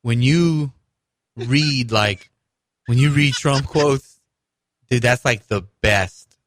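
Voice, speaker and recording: A man co-hosting a radio show, bantering in a relaxed, joking way. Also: mid-range voice, takes it slowly, dry recording. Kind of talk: casual political chat.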